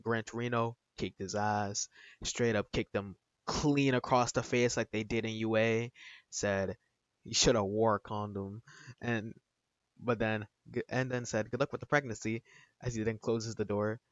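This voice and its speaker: A man's voice: on the low side, dry recording. Rambling man telling a fan story. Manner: rambling, slangy, with many fillers. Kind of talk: casual fan-fiction retelling. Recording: dull, dry lo-fi recording.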